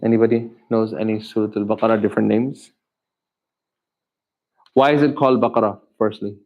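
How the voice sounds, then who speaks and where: A male teacher giving a Quran lesson in a classroom, questioning his students and repeating terms slowly. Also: fairly low pitch, steady tone, narrow, tinny audio. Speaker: Islamic teacher.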